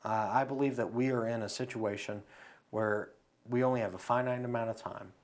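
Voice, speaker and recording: A man's voice: medium pitch, fairly even intonation, a little fast. A man as a podcast guest, talking through philosophy and telling a story in a casual conversation, recorded in a studio.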